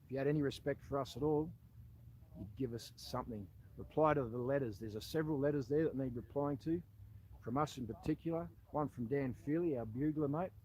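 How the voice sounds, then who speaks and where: Australian ex-soldier, plain-spoken and forceful, mid-pitched man's voice, faint room hum behind him. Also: brisk, poor audio. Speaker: army veteran. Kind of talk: impassioned monologue addressed to an official.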